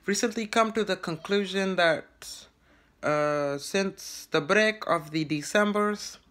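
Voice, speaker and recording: Bright, halting vlogger in a put-on broken English. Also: medium pitch, slight background noise. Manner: halting and rambling, full of stammered restarts. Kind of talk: comedic vlog monologue in character.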